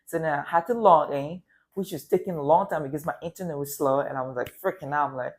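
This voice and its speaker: Low-voiced woman from Africa, vlogging. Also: fast, a little mellow. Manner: emotional, rambling, faith-filled. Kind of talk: casual personal vlog storytelling.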